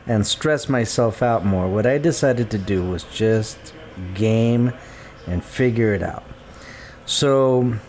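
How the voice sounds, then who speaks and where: A gaming streamer chats casually during a live game, thinking aloud while sorting his gear and menus, with guitar music in the background. His mid-range voice is a little mellow, and there's a slight hiss or hum.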